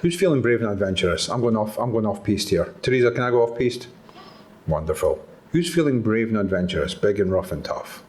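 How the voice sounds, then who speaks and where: A Scottish man speaks to a conference audience with a lively, rising and falling pitch. He talks in an engaging way and keeps the crowd involved. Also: brisk. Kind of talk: live talk to an audience. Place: conference hall.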